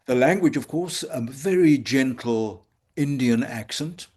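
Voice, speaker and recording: Older man, measured and halting. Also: mid-range voice, animated, a little mellow, slightly rough. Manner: measured, halting with frequent pauses. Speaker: homeopath guest. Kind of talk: reflective conversation. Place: home consulting room.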